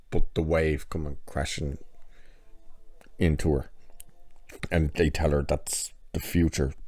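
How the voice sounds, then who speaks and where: A man with a very low, dark, mellow voice talks through an episode recap in loose, chatty fashion. He is sarcastic and swears freely, and the sound is dry and close. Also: dry recording. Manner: sarcastic, profane, chatty storytelling. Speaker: TV episode reviewer. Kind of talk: casual spoken recap and review.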